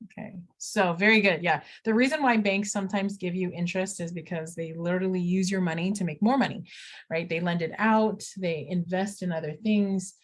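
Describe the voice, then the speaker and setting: Chatty woman teacher walking through math. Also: on the low side. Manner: chatty, talks students through steps, playful asides. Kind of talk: recorded math lesson walkthrough.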